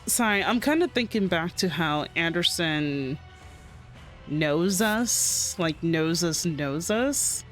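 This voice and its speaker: A woman's voice: fairly low pitch, expressive, takes it slowly, faint music behind. A woman streamer chatting casually while reacting to a game, giggly and playful.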